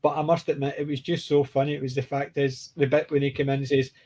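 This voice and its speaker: A man's voice: mid-range voice, little pitch movement, fast, darkish tone. A man chatting casually about a TV show, rambling and restarting his sentences. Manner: rambling, restarts often, laughs while retelling jokes. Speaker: podcast co-host. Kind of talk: casual TV discussion.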